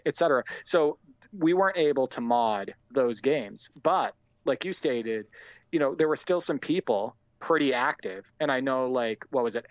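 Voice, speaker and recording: A man's voice: mid-range voice, clear, resonant tone, no echo. A man co-hosting a podcast in casual chat, rambling with lots of fillers. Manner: rambling, many fillers like "and whatnot". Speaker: podcast co-host. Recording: slightly dull lo-fi mic.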